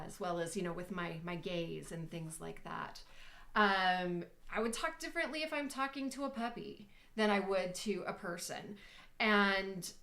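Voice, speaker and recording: A woman in her thirties chats through a tip on communication, loose and self-deprecating, trailing off into fillers as she thinks aloud. Her pitch sits in an ordinary middle range for a woman. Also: a bit bright. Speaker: communication coach. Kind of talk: casual live-stream chat.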